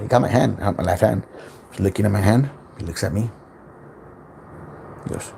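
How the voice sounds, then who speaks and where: A man's voice: fairly low pitch, normal speed, gravelly, pauses often, mellow, a little hiss or hum. A man hosting a casual spiritual self-help livestream from home, rambling, repeating words and swearing freely.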